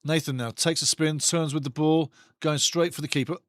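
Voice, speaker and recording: A man hosting a live football watch-along, commentating excitedly on the match and chatting with viewers' comments. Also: on the high side, normal speed, no echo, clean studio sound.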